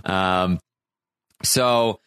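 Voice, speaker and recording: A man's voice: sits low, steady tone, drawn-out words, fairly bright tone, clean tone, no room sound, clean studio sound. A man hosting a casual recap show, hesitant and full of fillers and restarts. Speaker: podcast host.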